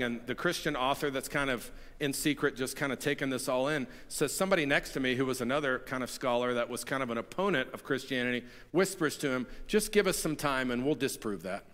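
A man's voice: medium pitch, a little fast, bright, forceful tone. A man preaching an Easter sermon as pastor, telling stories in a conversational way with frequent restarts. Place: church sanctuary. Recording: long hall reverb.

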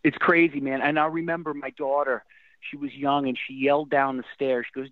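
A man's voice: mid-range voice, brisk, no room sound. A middle-aged man, a rock singer and guest, telling stories animatedly in a casual interview. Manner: animated storyteller with restarts and fillers. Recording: thin phone-like line, dry.

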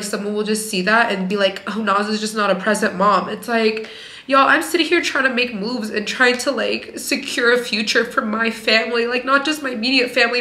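A woman's voice: fairly high pitch, pushed and bright. A woman talking frankly to camera as a working-mom vlogger, in a chatty way that leans on "like" a lot. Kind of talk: candid casual vlog talk. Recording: echoey room.

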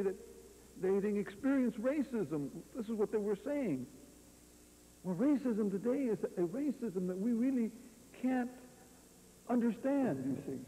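A man's voice: high-pitched, dark tone. A man from California giving a rambling, story-filled lecture to an audience, often tossing out rhetorical questions and "you see". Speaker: guest lecturer. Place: university lecture hall. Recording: reverberant hall, faint hum, poor audio.

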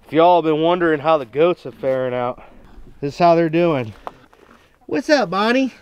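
A Nebraska man who runs a small family farm chats in a friendly, down-home way as he walks through a casual vlog, starting in the farmyard and moving inside a torn-up house. His voice sits a little high with a darkish, clean tone at a normal speed. The recording sounds lo-fi.

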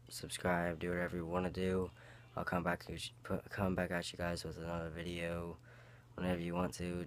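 Low-voiced young man telling a story. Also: slight background noise. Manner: rambling, profane retelling with quoted exchanges. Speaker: vlogger. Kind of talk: casual storytelling vlog.

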